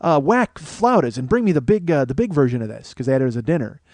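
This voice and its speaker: A man's voice: medium pitch, animated, fast talker, a little mellow, dry recording. A man host telling a rambling, profane comedic story as a monologue.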